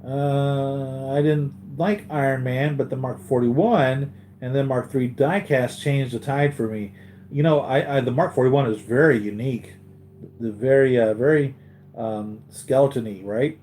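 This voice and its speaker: A man's voice: mid-range voice, unhurried, warm tone, slight background noise. A man hosting a live collectibles stream, chatting casually with viewers, tired after a sleepless night and rambling with many restarts.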